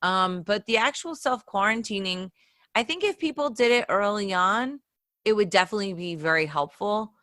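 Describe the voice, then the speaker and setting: A woman's voice: medium pitch, expressive, normal speed, fairly bright tone, no room sound, clean studio sound. A woman co-hosting a podcast, chatting casually with a wry, self-mocking sense of humor. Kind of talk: casual video-call chat.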